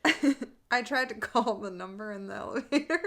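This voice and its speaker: A young woman co-hosting a casual podcast. She tells the story quickly, laughs often along the way and quotes what other people said. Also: on the high side, lively intonation, a bit bright. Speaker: podcast co-host. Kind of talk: casual chat.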